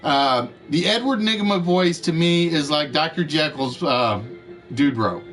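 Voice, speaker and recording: A man's voice: fairly high pitch, lively intonation, unhurried, a bit bright, faint music behind. Chatty man hosting a live stream. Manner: rambling, self-correcting, talking to chat. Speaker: game show host. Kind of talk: casual live-stream chat.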